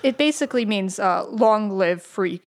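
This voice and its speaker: A woman's voice: mid-range voice, expressive. A woman taking part in a casual trivia quiz, guessing answers and teasing the host. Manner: quick guesses, dry teasing. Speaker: quiz contestant.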